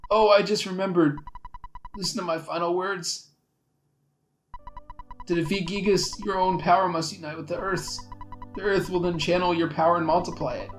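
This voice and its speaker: A man's voice: high voice, fairly even intonation, moderate pace, pauses often, soft background music, pitched above the performer's own voice, close to an everyday voice. A man voicing a dying alien bee from the future in a game, speaking weakly and solemnly. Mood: solemn, fading. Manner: weak, fading, solemn.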